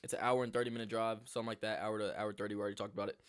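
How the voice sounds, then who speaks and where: A young man telling a storytime vlog in a rambling, animated way, swearing freely. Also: on the low side, racing. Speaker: vlogger.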